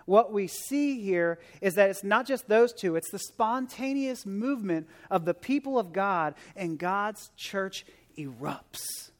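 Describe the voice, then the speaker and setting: A visiting preacher delivers an earnest, conversational sermon in a church sanctuary, often restarting and repeating words before rising to emphatic exhortation. His high, expressive voice is unhurried yet has hardly any pauses, and the large hall adds a long reverb.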